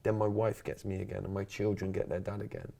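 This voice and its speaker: A man's voice: on the low side, fast talker, creaky. A man, a coach being interviewed on a podcast, telling his story animatedly and acting out the quotes. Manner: animated storyteller, acts out quotes, many "right?" and "yeah?" tags. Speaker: podcast guest, resilience coach.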